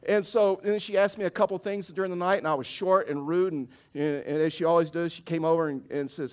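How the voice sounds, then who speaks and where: A middle-aged man, a pastor preaching a sermon as a lively storyteller who acts out his own reactions. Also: fairly high pitch, fast, few pauses. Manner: animated storyteller, acts out his own outbursts, many restarts.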